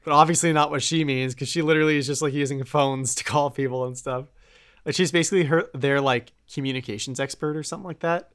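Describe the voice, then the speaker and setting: Male podcast co-host, casual gaming chat, relaxed reactive delivery. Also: on the high side, quick pace, clear, resonant tone. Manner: relaxed, chiming in with short reactions.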